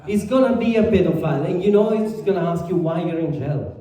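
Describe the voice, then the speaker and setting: Italian stand-up, deadpan and halting; high, mellow voice, distant mic, big echo. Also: male voice. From Italy. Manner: deadpan, halting delivery with many fillers. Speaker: stand-up comedian. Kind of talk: stand-up comedy set. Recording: far from the mic in a very echoey room.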